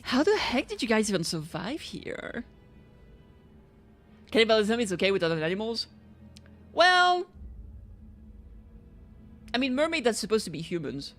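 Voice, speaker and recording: A young woman streamer talks over her game in a loose, playful way, giggling often. Her voice sits fairly high and swings widely. Soft game music runs faintly underneath. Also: sing-song, normal speed, long pauses. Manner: giggly, playful, chatty reactions. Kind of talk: casual game-stream chat.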